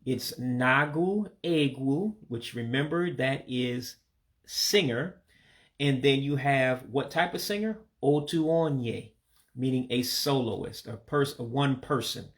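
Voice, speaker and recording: A man teaching vocabulary in a casual spoken lesson, patiently repeating each word slowly so listeners can practice along. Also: mid-range voice. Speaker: language learner teaching vocabulary.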